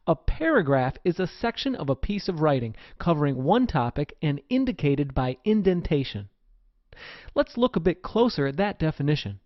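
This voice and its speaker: A man's voice: on the high side, no echo. A man reading a scripted writing lesson in a plain explanatory way. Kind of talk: scripted narration. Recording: dull, lo-fi dry recording.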